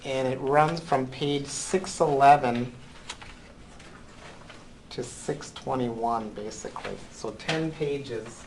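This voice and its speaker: A man's voice: mid-range voice, takes it slowly, slight background noise, poor audio. A man teaching a college class, lecturing with frequent ums and "right?" checks. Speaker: college accounting instructor.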